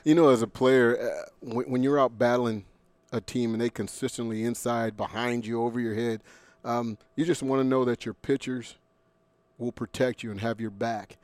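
A man's voice: mid-range voice, steady tone, moderate pace, darkish tone, no room sound. A man, a former player, talking earnestly in a casual chat and repeating himself for emphasis.

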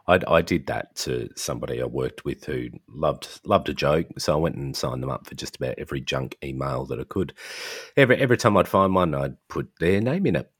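Very deep-voiced man, dry and wry. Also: husky, dry recording. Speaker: podcast co-host. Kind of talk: casual chat.

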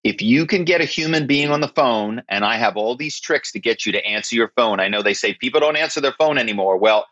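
A man telling stories as an interview guest, emphatic and animated, often checking in with "right?". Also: medium pitch, a little fast, few pauses, no echo. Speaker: guest, former actor and corporate spy. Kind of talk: interview conversation. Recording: slightly dull, dry.

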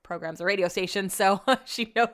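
A woman's voice: mid-range voice, moderate pace. A woman hosting a podcast, telling a story in a chatty, casual way and swearing freely. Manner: chatty, profane, animated retelling. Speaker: podcast host.

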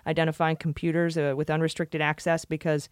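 A woman's voice: low voice, flat delivery, brisk, smooth, no room sound, clean studio sound. A woman hosting a podcast, reading through a report and making casual jokes about it. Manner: jokey, chatty, laughs often. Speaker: podcast host.

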